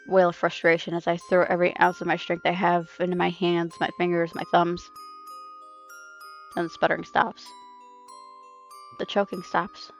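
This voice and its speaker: A woman reading a dark first-person story aloud on a stream, intense and halting, with restarts. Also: fairly low pitch. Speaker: reader. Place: home streaming setup. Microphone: streaming mic.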